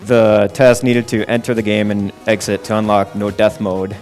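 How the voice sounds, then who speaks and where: A man with a lowish voice patiently walks through what is happening in a speedrun, peppering it with "um"s. Faint music plays behind him. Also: little pitch movement, moderate pace, darkish tone. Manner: explanatory, many "um" fillers. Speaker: game commentator. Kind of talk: casual live speedrun commentary.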